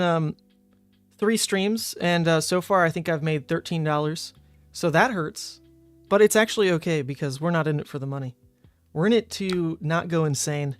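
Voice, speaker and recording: A young man with a fairly high voice streams a card game, thinking aloud about each play and trading wry remarks with his chat. His voice sounds close and dry, with faint music underneath. He grew up in New Orleans, but his speech has no regional accent. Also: dry recording. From New Orleans, Louisiana, USA. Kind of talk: casual live-stream commentary.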